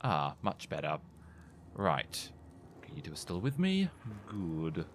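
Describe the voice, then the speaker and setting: A man's voice: sits low, huge pitch swings, a little slow, a little hiss or hum. A man giving casual gameplay commentary, hesitant and self-mocking, with game music behind. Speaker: gamer host.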